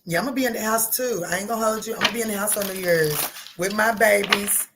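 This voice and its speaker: A woman giving a casual tarot reading, talking in a chatty, animated way, swearing and joking with her viewers. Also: mid-range voice, fast talker, very noisy. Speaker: tarot reader.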